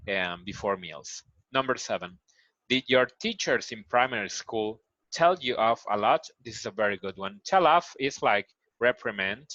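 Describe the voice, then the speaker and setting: Teacher with a Spanish accent, dull lo-fi sound. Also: male voice, medium pitch, fairly bright tone, no echo. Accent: Mexican Spanish. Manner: explains slowly, repeats key phrases, acts out example lines. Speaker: English teacher. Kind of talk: recorded online grammar lesson.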